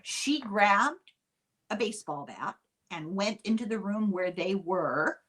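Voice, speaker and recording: An older woman hosting a podcast, telling a true-crime story in a chatty, unhurried way with dry asides. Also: mid-range voice, lively intonation, fairly bright tone. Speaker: podcast host.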